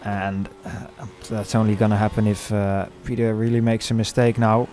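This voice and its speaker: A man commentating a sim race, calling the action with many pauses and fillers. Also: fairly low pitch, level tone, dark tone. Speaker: lead commentator.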